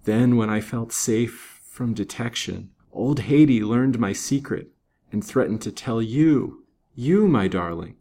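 Brief: man doing a dying villainess bride in a storybook, gasping and broken, slow and drawn out. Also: mid-range voice, expressive, dark tone. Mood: gasping, defiant. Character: dying young bride, a passionate murderess.

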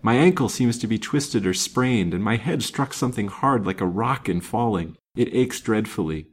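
A man voicing a delicate young woman in an old romance, speaking plaintively in a higher voice. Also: animated, moderate pace, slightly rough. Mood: pained.

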